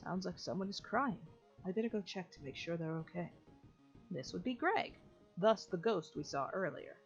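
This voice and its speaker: A woman hosts a let's play, chatting casually and walking viewers through each step. Her voice sits fairly low. The recording is dull and lo-fi, with faint game music underneath. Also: lively intonation, moderate pace. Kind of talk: casual gameplay commentary.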